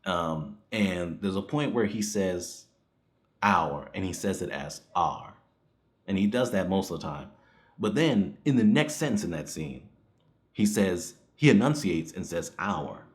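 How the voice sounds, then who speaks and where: A man's voice: sits low, expressive, moderate pace, a little mellow. A man giving a casual spoken movie review, rambling and chuckling as he goes. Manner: rambling, with frequent chuckles and fillers.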